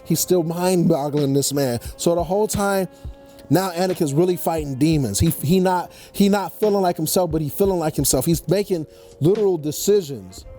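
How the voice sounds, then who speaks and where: A young man telling a movie story as a comedic rant, slangy and animated, slipping into quick character voices. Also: a little high, soft background music. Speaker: comedy vlogger.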